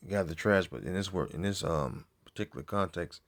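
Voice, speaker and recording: A man teaching from the Bible in a casual, halting way, full of fillers, reading verses aloud more loudly and muttering to himself while he searches. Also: sits low, lively intonation. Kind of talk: informal scripture teaching.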